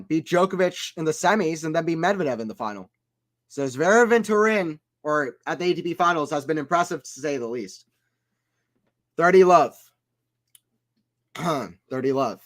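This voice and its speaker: Chatty young-sounding man calling tennis. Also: on the high side. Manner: chatty, reads chat aloud between points; gets loud and excited on big shots. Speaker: watchalong stream commentator. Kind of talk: casual play-by-play commentary.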